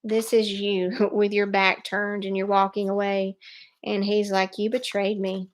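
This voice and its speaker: A woman giving a live tarot reading, speaking in an animated, emphatic way and laughing often. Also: medium pitch, measured pace. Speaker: tarot reader.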